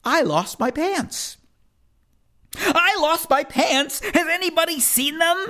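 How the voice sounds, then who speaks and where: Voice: mid-range voice, a bit bright. A reader performing rhyming children's poems in a first-person kid's voice, with a playful sing-song delivery.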